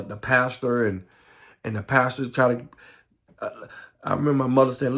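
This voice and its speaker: Middle-aged Southern man recounting his own past, unscripted, stumbling and restarting, voice mid-pitched. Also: fairly bright tone. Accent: Southern American. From Southern United States. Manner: halting, repeats words, frequent restarts. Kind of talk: personal life story monologue.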